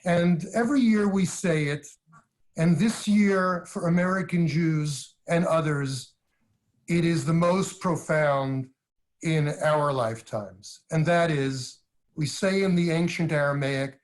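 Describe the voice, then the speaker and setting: A man, a rabbi, moderating a livestream discussion, asking questions and reflecting in a measured, deliberate way over a video call. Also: a little high.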